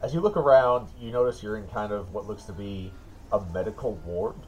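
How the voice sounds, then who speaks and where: A man narrating as dungeon master in a relaxed, descriptive way. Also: fairly low pitch, brisk, a little hiss or hum, low-quality recording. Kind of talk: narrating a tabletop game.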